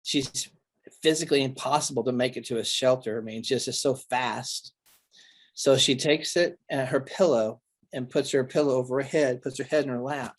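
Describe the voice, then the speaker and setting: A male pastor telling stories in an interview, earnest and animated, often restarting his sentences. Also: mid-range voice, normal speed. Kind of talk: recalled storytelling interview.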